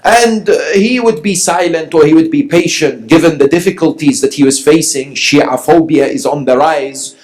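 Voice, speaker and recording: Male preacher from Iran, high-pitched, storytelling sermon with acted-out dialogue and emphatic peaks. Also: moderate pace, few pauses, darkish tone.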